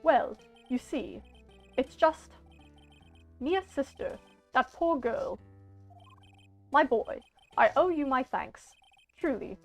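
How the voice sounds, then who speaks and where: A woman's voice: high voice, lively intonation, takes it slowly, long pauses, soft background music, heavily acted. A woman doing amateur voice acting for a fretful elderly male art dealer in a video game, fussy, old-fashioned and hesitant. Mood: troubled.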